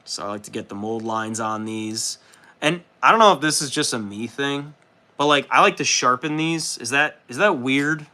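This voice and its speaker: A man hosting a casual livestream, loose and profane, excitable and chatting with his viewers as he works. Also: mid-range voice, normal speed. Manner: loose, profane and excitable, reads chat aloud. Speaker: livestream host. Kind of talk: casual livestream chat while building models.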